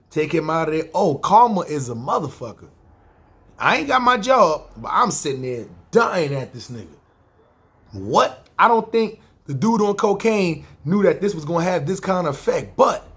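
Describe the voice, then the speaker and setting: A man with a New York accent tells a story from his own life in a relaxed, foul-mouthed style. His voice sits a bit high for a man and has a husky grain. He slips into quick impressions of the people in the story and keeps coming back to the same catchphrases. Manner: profane, laid-back, repeats catchphrases, acts out quotes. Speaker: podcast storyteller. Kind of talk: casual spoken storytelling.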